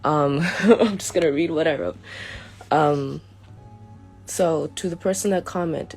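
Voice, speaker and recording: A young woman with a low, gravelly voice, talking earnestly and a bit haltingly as she reads a written statement to camera. Faint music plays softly behind her. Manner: earnest, hesitant, restarts often. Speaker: vlogger. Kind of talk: reading a prepared statement to camera.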